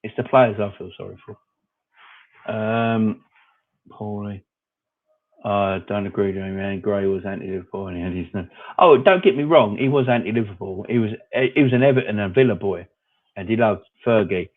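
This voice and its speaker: A man's voice: lowish voice, fairly even intonation, moderate pace. A man hosting a casual live-stream chat, answering viewers by name in a rambling, opinionated way. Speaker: fan channel host reading live chat. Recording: phone-like narrow audio.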